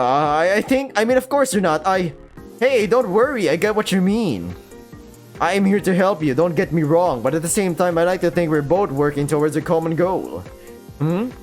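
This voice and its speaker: A Filipino man with a somewhat high, slightly mellow voice reads a visual novel aloud over faint game music. Acting lightly, he voices an eager, earnest young woman who works as a lab handler, chatty and a little flustered.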